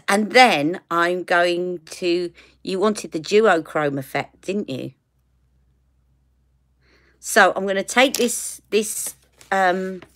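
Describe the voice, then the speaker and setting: A woman's voice: on the low side, fairly bright tone. A woman from the UK chatting and laughing through tangents on a live makeup stream. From United Kingdom. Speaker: beauty vlogger. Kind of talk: live makeup tutorial chat.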